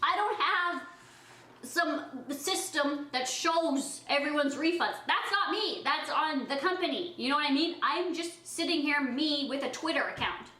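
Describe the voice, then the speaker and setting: A woman's voice: high-pitched, lively intonation, measured pace, pushed and bright, reverberant, poor audio. A young woman vlogger chatting casually while eating, talking in a defensive, emotional way. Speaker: beauty vlogger. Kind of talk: casual eating-show vlog talk.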